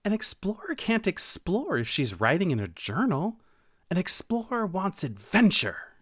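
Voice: mid-range voice, a little slow, slightly rough, no echo, clean studio sound, voice pushed up, exaggerated voice. A storyteller voicing an eager, adventurous young female mouse in a children's storybook. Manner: excited, bossy.

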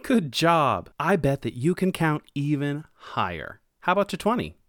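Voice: medium pitch, moderate pace, no room sound, studio quality. A storyteller reading a picture book aloud to children, encouraging them and asking them questions. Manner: animated, encouraging, asks the listener questions.

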